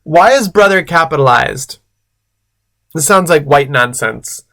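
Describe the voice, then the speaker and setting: A man, a drag queen host, reading fan fiction aloud and breaking off for sarcastic, deadpan commentary. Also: fairly high pitch, unhurried. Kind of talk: comedic read-aloud with commentary.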